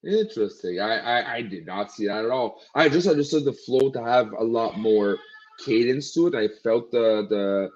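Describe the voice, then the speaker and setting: A man's voice: medium pitch, animated, moderate pace, a little mellow. A man co-hosting a podcast, thoughtfully giving his take and inviting the audience to comment. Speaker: podcast co-host. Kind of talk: casual album review chat. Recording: slightly dull lo-fi audio.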